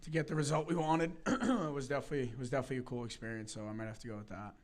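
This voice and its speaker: A man's voice: mid-range voice, rapid-fire. Young guy chatting about team life, loose and rambly, lots of likes and ums. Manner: laid-back, rambling anecdotes with frequent laughs and fillers. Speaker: hockey player guest. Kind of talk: casual storytelling.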